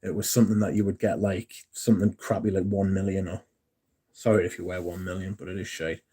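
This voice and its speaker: Chatty man, mellow voice. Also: sits low, level tone, a little fast, breathy edge. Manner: chatty, swearing, rambling with asides to viewers. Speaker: livestream host. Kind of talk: casual chat.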